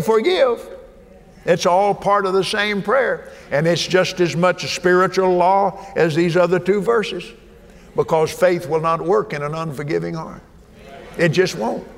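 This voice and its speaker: Folksy preacher in a reverberant hall. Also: male voice, high voice, vocal fry. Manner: folksy, swings from soft murmurs to shouted exhortation. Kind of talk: sermon. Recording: hall reverb, faint ambience.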